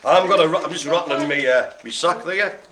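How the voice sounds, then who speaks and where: A man's voice: fairly high pitch, fairly quick, pushed and bright. A man hosting a live-streamed bingo game, cracking jokes and rambling in a chatty way to a helper off-mic. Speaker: bingo caller and host.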